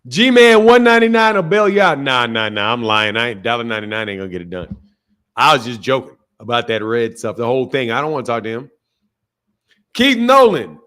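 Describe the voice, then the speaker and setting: A man's voice: medium pitch, fairly bright tone. A man hosting a live boxing call-in stream, talking casually in a loose, joking, slangy way and laughing often. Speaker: boxing show host.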